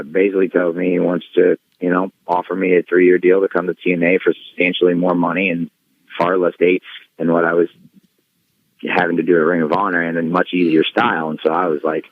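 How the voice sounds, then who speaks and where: Deep-voiced man telling a story. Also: brisk. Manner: animated storyteller who acts out voices. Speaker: guest wrestler. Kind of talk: casual storytelling interview. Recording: dull dry studio sound.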